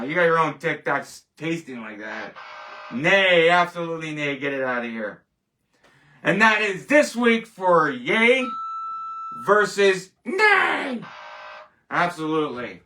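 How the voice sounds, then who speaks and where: A man's voice: fairly high pitch, lively intonation, measured pace, pushed and bright, slight background noise. A man hosting a casual rant show, rambling and emphatic, scoffing at each verdict. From Canada. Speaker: show host. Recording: voice distant from the mic.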